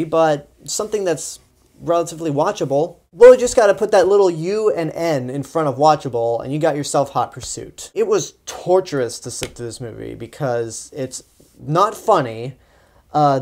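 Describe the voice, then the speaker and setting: A man's voice: on the high side, a little mellow. Young guy ranting about a bad movie, sarcastic, keeps restarting his sentences. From Texas. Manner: exasperated, sarcastic, rambling with restarts. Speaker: film reviewer. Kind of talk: casual spoken movie review.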